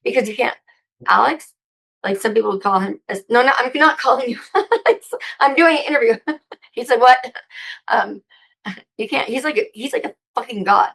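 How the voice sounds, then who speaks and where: A woman being interviewed, talking in a rambling, excitable and profane way. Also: a little high, normal speed, gravelly, pauses often, husky, rough recording. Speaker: interview guest. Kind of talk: casual interview chat.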